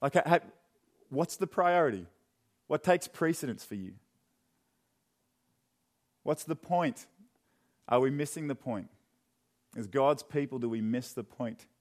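A young man preaching a sermon in a church, chatty and joking, then dropping into quiet, earnest questions. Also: mid-range voice, measured pace, long pauses. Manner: conversational and joking, with sudden drops to quiet earnestness. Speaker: pastor. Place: church hall.

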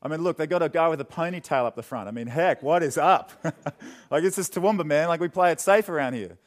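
A young man delivers a sermon from the front of a church hall. His voice sits a little on the high side, and he talks in a loose, joking, conversational way. He often drops to a quiet, earnest tone to press his questions. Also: fast. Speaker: pastor.

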